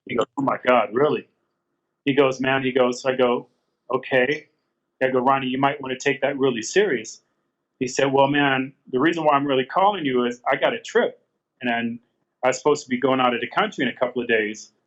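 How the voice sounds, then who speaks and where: A man's voice: mid-range voice, fairly quick, fairly bright tone. Earnest storytelling man, muffled audio. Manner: earnest, repeats phrases, quotes conversations at length. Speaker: guest. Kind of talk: candid conversational storytelling.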